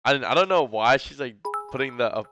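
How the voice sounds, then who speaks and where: A man's voice: medium pitch, animated, fast talker, a bit bright, dull audio. A man streaming a casual reaction, rambling and incredulous, with a slight lisp. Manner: rambling, incredulous, full of fillers.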